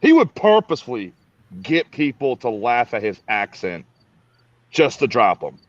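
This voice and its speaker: A man in a casual chat, telling crude, animated stories about army life. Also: medium pitch, measured pace, dry recording, dull audio. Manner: crude, lively storytelling.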